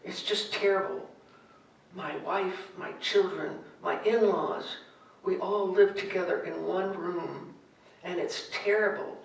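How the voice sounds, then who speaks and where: A woman's voice: on the low side, fairly even intonation, slow pace, gravelly. A woman doing a desperate pleading disciple. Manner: pleading, louder than the narrator. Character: desperate male disciple, frantic and complaining. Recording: echoey hall from far off.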